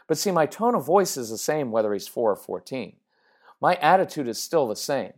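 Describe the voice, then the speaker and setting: A woman's voice: very deep voice, big pitch swings, brisk, darkish tone. Middle-aged woman, parenting coach; conversational, emphatic delivery that keeps checking in with the audience. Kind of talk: direct-to-camera parenting talk.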